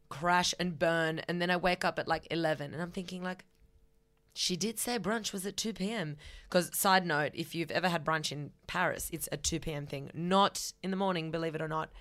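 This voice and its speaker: A young woman with an Australian accent talks into the mic as a podcast host. Her voice sits a little low, and her delivery is chatty and candid. She swears freely as she gives advice and tells stories. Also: fairly bright tone. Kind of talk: casual advice and storytelling.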